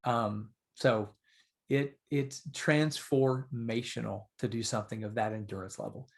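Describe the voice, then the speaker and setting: A man guesting on a podcast, telling stories in a casual, animated and earnest way. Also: medium pitch, a little slow. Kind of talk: casual storytelling.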